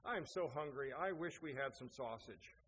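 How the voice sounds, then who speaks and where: A man voicing a poor, hapless woodcutter husband in a plain, halting voice. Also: mid-range voice, expressive, fairly bright tone, natural voice. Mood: weary. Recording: echoey hall, faint noise.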